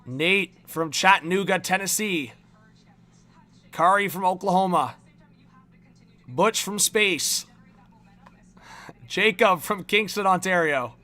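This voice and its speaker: Hosting a live stream, an energetic, upbeat man reads viewers' chat names one after another, laughing often between shout-outs. His slightly high voice sounds bright and forceful, though he speaks slowly with frequent pauses.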